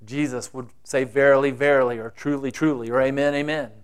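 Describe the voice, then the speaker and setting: A man's voice: mid-range voice, fairly even intonation, a little fast, smooth. A man preaching a sermon, acting out the quoted voices with dramatic shifts. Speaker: pastor.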